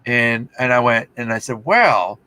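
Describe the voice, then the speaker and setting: A man from Texas hosts a loose video-call chat, his voice bright and forward. He rambles through long anecdotes and slips into voices for the people he quotes. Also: medium pitch, expressive, normal speed, dry recording. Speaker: host. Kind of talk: casual chat.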